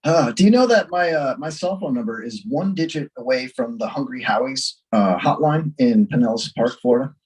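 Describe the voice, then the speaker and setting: A man's voice: medium pitch, lively intonation, normal speed, hardly any pauses, darkish tone, distant mic, rough recording. A man co-hosting a casual talk show, telling prank-call stories and laughing as he acts them out. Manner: laughs through stories, acts out phone calls. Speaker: podcast co-host.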